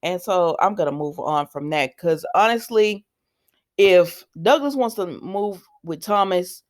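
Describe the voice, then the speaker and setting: A woman's voice: lowish voice, expressive, measured pace. Chatty woman recapping a soap. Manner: chatty, retelling scenes with fillers and asides. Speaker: soap opera recap host. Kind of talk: casual recap vlog.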